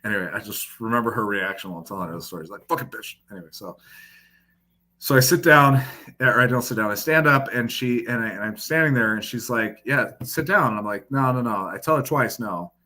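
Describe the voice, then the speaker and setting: Bright-voiced man telling a profane story. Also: medium pitch, fairly quick. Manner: profane, lively anecdote-telling with quoted dialogue. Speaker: podcast guest. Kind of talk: casual storytelling.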